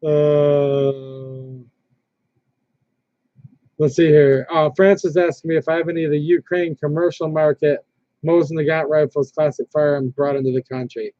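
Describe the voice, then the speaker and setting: A man's voice: on the high side, level tone, measured pace, dark tone, no echo. A man hosting a casual livestream, rambling and reading viewer comments aloud, with frequent restarts. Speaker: livestream host. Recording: dull lo-fi stream audio.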